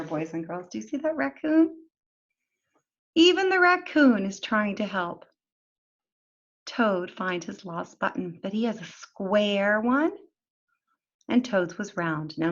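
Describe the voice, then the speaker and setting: Expressive woman reading to children. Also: mid-range voice. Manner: expressive, talks to children directly. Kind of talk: storybook read-aloud for children. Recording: dull lo-fi recording.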